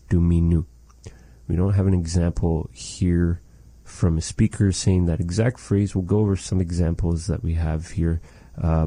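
A man teaching a language lesson, patiently saying phrases slowly and repeating them for practice. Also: deep voice, dark tone, slightly rough, no echo.

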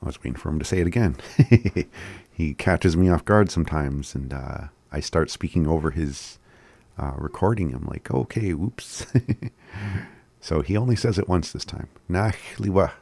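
A man giving a casual language lesson, slowly repeating words and chuckling often. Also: very deep voice, animated, gravelly, darkish tone, slightly rough, dry recording. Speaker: language teacher.

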